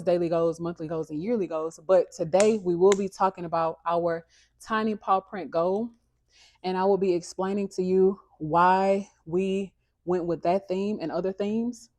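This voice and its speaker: A woman's voice: medium pitch, dry recording. A young woman, hosting a casual livestream in a chatty, upbeat, motivational way, often checking in with her viewers. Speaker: livestream host and dog breeder. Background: soft background music.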